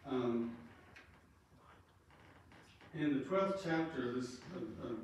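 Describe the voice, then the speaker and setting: A man's voice: mid-range voice, slow pace. Guy rambling through a funeral story, lots of ums, heard from across a big echoey room, faint hum behind. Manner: rambling, anecdotal, with frequent fillers. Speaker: funeral speaker. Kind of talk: folksy eulogy storytelling. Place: funeral home chapel. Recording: very echoey room, distant mic.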